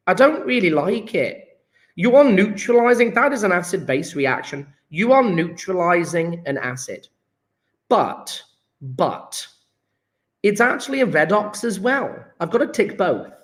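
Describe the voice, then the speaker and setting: A man's voice: sits high, sing-song, measured pace. A man teaching a casual chemistry revision lesson, jokey and chatty, talking straight to his viewers.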